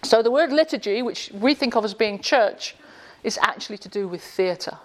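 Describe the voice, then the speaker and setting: A woman's voice: a little high, lively intonation, moderate pace. A woman giving a classroom lecture with jokes, sarcastic and quizzing her audience in a room. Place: indoor room with a live audience.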